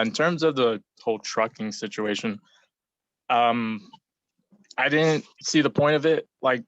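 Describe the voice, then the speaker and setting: A man's voice: medium pitch, a bit bright, no room sound. A young man giving his view in a group discussion, rambling with many fillers. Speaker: forum participant. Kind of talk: casual discussion contribution. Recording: dull, lo-fi dry mic.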